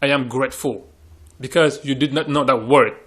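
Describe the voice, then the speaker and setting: A man's voice: mid-range voice, steady tone, normal speed, fairly bright tone. A man from Senegal, an English teacher talking earnestly in a panel discussion and often repeating words as he searches for phrasing.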